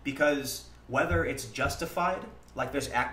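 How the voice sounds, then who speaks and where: With a slightly high, somewhat bright voice, a male livestream host delivers casual, earnest commentary at normal speed, barely pausing. He acts out back-and-forth conversations as he goes. The room echoes noticeably, and faint noise sits in the background.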